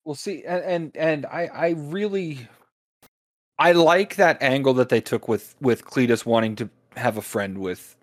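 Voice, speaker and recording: A man's voice: medium pitch, a little slow, no echo. A man in a casual movie discussion who speaks hesitantly, with stumbling restarts.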